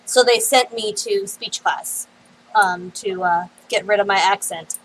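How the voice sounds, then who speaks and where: An American woman streaming a game, chatting casually and telling stories with lots of little "um" pauses. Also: mid-range voice, slight background noise, low-quality recording. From United States. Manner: chatty storyteller, many "um" pauses.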